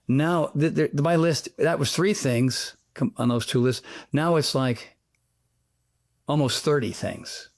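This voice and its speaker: A man, a fitness trainer, chatting as an interview guest, telling animated, rambling stories peppered with sound effects. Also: fairly high pitch, slow. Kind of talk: casual interview chat.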